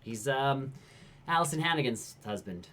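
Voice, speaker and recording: A man's voice: mid-range voice, lively intonation, moderate pace, bright, forceful tone. A man co-hosting a podcast in casual chat, retelling stories in a rambling way full of "like" and fillers. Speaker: podcast co-host.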